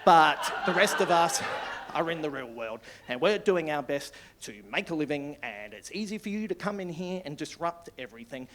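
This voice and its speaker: A man voicing a stern grown-up friend who lectures him in a low, scolding tone. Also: animated, moderate pace, a bit bright. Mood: stern lecturing.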